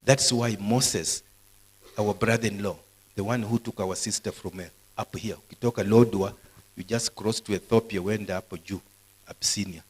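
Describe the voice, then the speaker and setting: A middle-aged man preaching a live sermon at a university, animated, swinging between loud bursts and soft asides. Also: lowish voice, moderate pace, husky, poor audio. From Kenya. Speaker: pastor. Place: university hall, live service.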